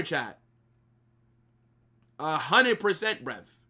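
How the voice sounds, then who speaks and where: A young man talks football on a live watch-along stream. His voice sits a little high and rings bright. He is animated and opinionated, peppers his talk with slang and casual swearing, and argues his points in a loose, conversational way. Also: moderate pace.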